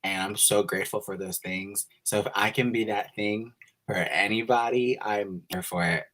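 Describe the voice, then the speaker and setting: A man's voice: fairly low pitch, steady tone, moderate pace, fairly bright tone. A man hosting a live stream, gushing and giggling as he greets viewers by name, emotional and close to tears.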